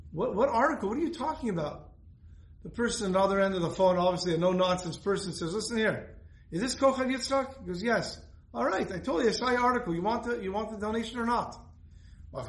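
A man's voice: sits high, reverberant, poor audio. A man teaching a Torah lesson, telling stories earnestly and repeating phrases for emphasis.

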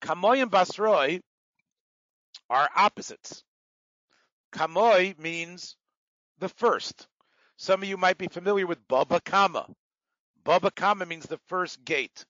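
Man teaching Talmud, slightly high voice. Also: a little slow, pauses often, fairly bright tone, no echo, muffled recording. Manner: digressive, explains terms patiently, many fillers. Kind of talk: lecture with asides.

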